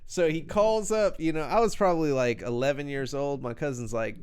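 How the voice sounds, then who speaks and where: A man's voice: a little high, a little fast, darkish tone, clear, resonant tone. A man co-hosting a podcast in casual chat, rambling through a profane story with many restarts. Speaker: podcast co-host.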